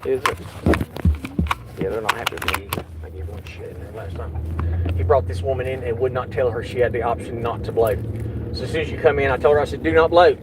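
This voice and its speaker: A middle-aged man talks agitatedly and swears while chatting in a vehicle, loudly acting out what others said. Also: mid-range voice, fairly even intonation, fast talker, noisy background. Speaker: YouTube channel host. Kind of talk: casual vlog chat in a car.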